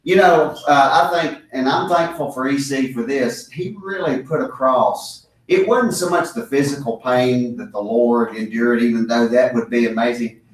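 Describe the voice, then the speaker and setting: A man's voice: medium pitch, moderate pace, hardly any pauses. A man leading a Bible study discussion, talking earnestly and with emphasis, often repeating key phrases for stress. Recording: echoey room, mic far off.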